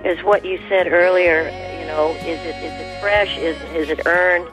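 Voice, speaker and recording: A woman, a guest singer on a radio interview, speaking in halting phrases with frequent restarts. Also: fairly low pitch, fairly even intonation, music in the background, low-quality recording. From American South.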